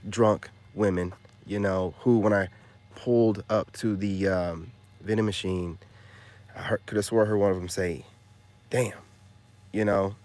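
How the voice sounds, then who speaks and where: Male host, casual storyteller who gets loud and animated when quoting others. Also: deep voice, normal speed. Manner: loud, excitable, acts out voices in quotes. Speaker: commentary channel host.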